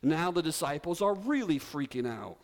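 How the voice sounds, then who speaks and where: A man's voice: fairly high pitch, normal speed. A man preaching a sermon, telling a story with drama and leading the congregation to repeat words together. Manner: animated storytelling preacher, leads congregation in call-and-response. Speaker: pastor. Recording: reverberant hall.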